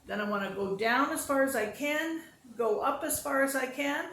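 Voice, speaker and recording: A woman's voice: high-pitched, lively intonation, normal speed, a bit bright, a little hiss or hum. A woman chatting casually to camera, self-deprecating, talking through each movement as she goes. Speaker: vlogger demonstrating exercises and telling stories. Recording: roomy echo with faint ambience.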